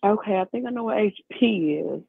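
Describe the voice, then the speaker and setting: A man's voice: sits high, lively intonation, a little fast, creaky, slightly rough, dry recording. A man calling in to a talk show, chatting and gossiping in a rambling way over the phone. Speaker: caller. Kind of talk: casual phone chat. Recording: tinny phone line.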